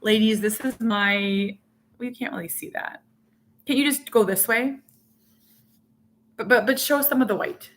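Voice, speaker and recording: A woman's voice: a little high, measured pace, long pauses. A middle-aged woman hosting a casual live stream, rambling chattily and reading out viewer comments as she goes.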